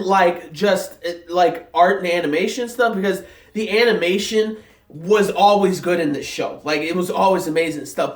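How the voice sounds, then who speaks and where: A young man excitedly rambling through an episode reaction, full of fillers and restarts. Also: high voice. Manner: rambling, filler-heavy talk, many restarts; excited, hyped. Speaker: anime reviewer. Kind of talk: casual episode reaction vlog. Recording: echoey room, mic set at a distance.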